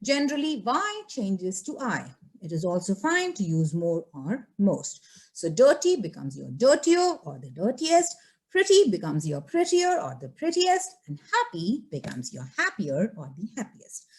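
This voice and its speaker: A woman's voice: mid-range voice, huge pitch swings, measured pace. A middle-aged woman teaching an English grammar lesson, patiently checking in with her students. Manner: patient, repeats "okay?" and "all right?" to check students.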